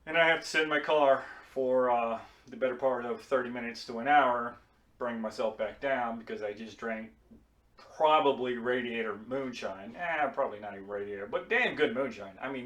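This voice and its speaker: A man's voice: mid-range voice, a bit bright. A man vlogger telling a story casually, rambling and swearing freely. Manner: profane, rambling. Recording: roomy echo.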